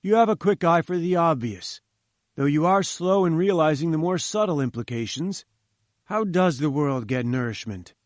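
A man's voice: fairly high pitch, expressive, normal speed, no room sound, studio quality, close to an everyday voice. A man reading an audiobook, voicing a pompous older professor who talks down to his listener. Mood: patronizing. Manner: condescending, lecturing.

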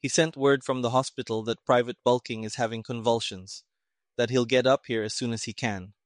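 A man reading an audiobook, voicing a thick-set older army major who speaks low and quiet. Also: steady tone, brisk, no echo, clean studio sound, close to an everyday voice. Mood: quiet, grim.

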